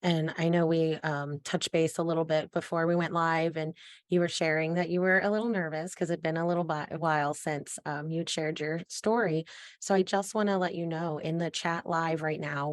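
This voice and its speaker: A woman hosting a live-streamed interview on a video call, praising her guest warmly and reading out chat comments. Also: low voice, no room sound, studio quality. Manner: warm and effusive with praise, reads chat comments. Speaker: podcast host.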